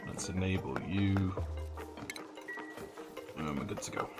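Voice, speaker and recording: Deep-voiced man streaming a game. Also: slow pace. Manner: thinks aloud, swears casually, chats with viewers. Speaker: gaming streamer. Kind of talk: casual live game commentary. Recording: game music under the voice.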